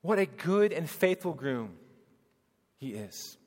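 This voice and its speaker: A man preaching a sermon as pastor, swinging between loud proclaiming and hushed, tender speech. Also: a little high, sing-song, takes it slowly. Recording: long hall reverb.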